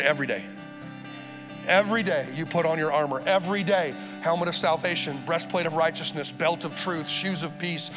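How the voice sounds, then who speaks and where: Male pastor, high voice, energetic sermon, long hall reverb, faint music behind. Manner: energetic preaching, rising to loud urgent appeals, calls for congregation responses. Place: church auditorium.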